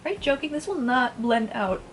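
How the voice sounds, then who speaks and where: A woman's voice: fairly high pitch, expressive, a little fast. A woman in her twenties chatting casually at home while doing her makeup, rambling and blunt, swearing freely. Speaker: beauty vlogger. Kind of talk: casual get-ready-with-me chat.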